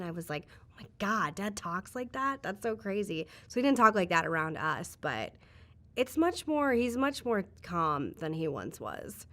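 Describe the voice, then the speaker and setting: A woman's voice: on the low side, a bit bright. A woman giving a candid, reflective interview, talking casually with frequent "like" fillers. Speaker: interview guest.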